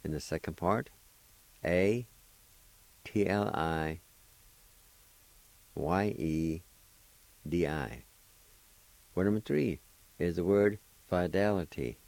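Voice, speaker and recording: Slow, deep-voiced older man teaching words. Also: vocal fry, darkish tone, no echo. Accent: Cherokee-speaking Oklahoma. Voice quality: patient, repeats each word and syllable. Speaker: language teacher on a radio show. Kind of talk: slow spelled-out language lesson.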